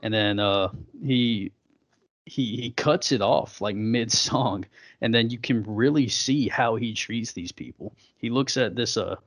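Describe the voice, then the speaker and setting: A man's voice: fairly low pitch, measured pace, no echo, clean studio sound. A man co-hosting a podcast, casually retelling film scenes with lots of fillers and quoted lines. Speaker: podcast co-host. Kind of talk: casual film recap chat.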